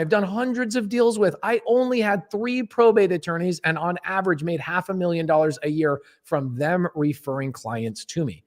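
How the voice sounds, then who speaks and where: A man hosting a podcast, telling a story in a blunt, emphatic way and swearing freely. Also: on the high side. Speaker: podcast host. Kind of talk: casual storytelling.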